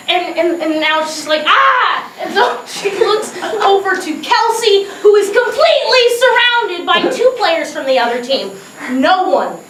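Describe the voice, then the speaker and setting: A woman telling a comic personal story, animated and laughing often as she acts out what people said. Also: very high voice. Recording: echoey distant mic with noise.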